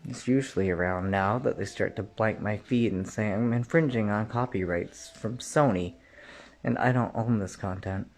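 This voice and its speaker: A man delivering an angry, profane rant straight to the listener, often clearing his throat and rising to shouts. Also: on the low side, normal speed, faint music behind. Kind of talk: angry direct-to-camera rant.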